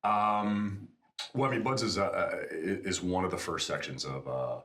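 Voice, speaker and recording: Very deep-voiced man telling stories. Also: moderate pace. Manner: animated storyteller, acts out quotes. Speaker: guest. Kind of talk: casual storytelling.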